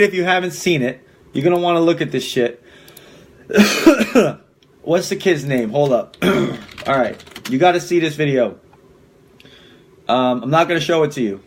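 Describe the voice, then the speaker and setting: Young man, podcast host, casual monologue, swears a lot, higher-pitched voice. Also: slightly rough. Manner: blunt, profane, rambling with restarts.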